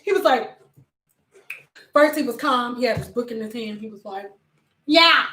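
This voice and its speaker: A young woman vlogger, voice slightly high and pace moderate, tells amusing stories in a relaxed chat. Recorded in an echoey room, she laughs frequently and acts out quoted voices with animation.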